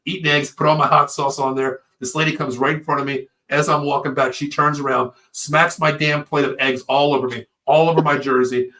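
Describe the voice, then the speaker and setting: A man co-hosting a casual live sports talk show, an excitable storyteller who swears freely. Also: fairly high pitch, a little fast, hardly any pauses. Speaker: podcast co-host.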